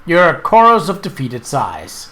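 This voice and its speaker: A man casually commenting on his gameplay and reading the game's text aloud, chatty and quick to correct himself. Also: a little high, huge pitch swings, sharp tone, slight background noise. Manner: chatty, self-correcting, laughs at the game. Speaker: let's play host.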